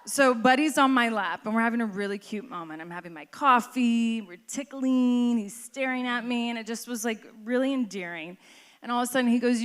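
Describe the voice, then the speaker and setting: Brash high-voiced woman co-host, late thirties, live show storyteller. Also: moderate pace. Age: late 30s. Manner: animated storytelling with swearing. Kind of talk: live-show casual chat.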